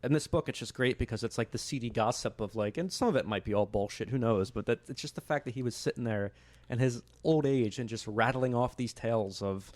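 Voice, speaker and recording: A man's voice: medium pitch, a little fast, a little mellow, no room sound. A man co-hosting a podcast, in casual film chat. He is enthusiastic and rambling, restarting his sentences often. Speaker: podcast co-host.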